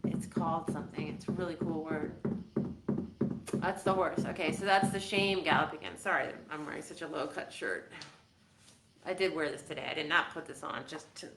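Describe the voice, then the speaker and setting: A woman's voice: low voice, steady tone, normal speed, roomy sound, very noisy. A woman hosting a casual livestream, musing aloud in a rambling, self-interrupting way. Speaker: host.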